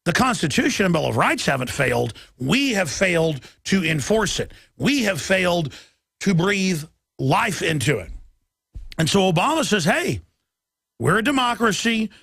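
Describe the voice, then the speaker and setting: A man hosting a political talk show, ranting with impassioned, rapid-fire delivery that swings up into shouting. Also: sits high, sing-song, creaky, breathy edge, no room sound, clean studio sound. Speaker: talk radio host.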